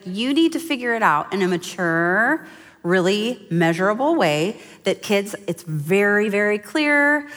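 A woman's voice: medium pitch, a bit bright, in a large hall. A mother giving an emphatic, conversational sermon-style talk to a women's church gathering. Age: adult mother.

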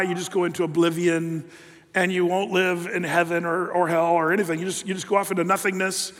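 A male preacher with a high, ringing voice delivers a conversational sermon. He tells stories in a folksy, animated way. The recording has a long reverb tail from a large hall. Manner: chatty, folksy, animated storytelling.

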